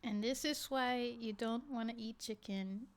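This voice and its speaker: A woman livestreaming her art and chatting casually, often pausing to hunt for the right word. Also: on the high side. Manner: halting, searching for words with many fillers. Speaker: livestreaming artist. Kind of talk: casual chat while reacting to a video.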